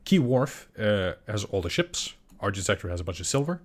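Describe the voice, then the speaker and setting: A young man from Iceland chats casually on a stream in a lowish voice. He rambles and gets excitable, tripping over his words and restarting sentences as he goes. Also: quick pace, few pauses. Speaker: game master and channel creator. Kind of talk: casual livestream chat answering questions.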